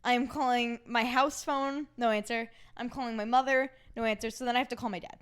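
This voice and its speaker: A young American woman co-hosting a podcast tells a travel story in casual chat, animated and laughing often as she acts out the voices of the people she quotes. Her voice is fairly high and clean-toned, and she talks fairly quickly.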